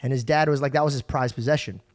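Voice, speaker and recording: A young man hosting a podcast, telling stories in a casual, animated way. He swears and acts out the people in his stories. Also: mid-range voice, fast talker, no room sound. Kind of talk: casual storytelling chat.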